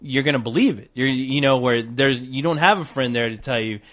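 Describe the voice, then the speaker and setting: A man co-hosting a podcast in casual chat, hesitant, with many restarts, trailing off softly. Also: mid-range voice, brisk. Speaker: podcast co-host.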